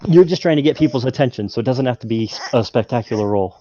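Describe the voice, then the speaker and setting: A man's voice: medium pitch, lively intonation, fast, warm tone. Hesitant male game master, dull mic. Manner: hesitant, filler-heavy narration. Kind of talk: narrating a tabletop game.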